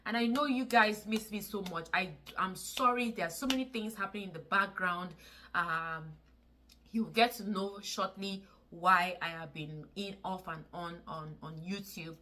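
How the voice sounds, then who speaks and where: A woman's voice: medium pitch, normal speed, bright, forceful tone. Earnest woman with Nigerian English accent. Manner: earnest and pleading, repeats words for emphasis. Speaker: vlogger. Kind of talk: casual to-camera vlog talk.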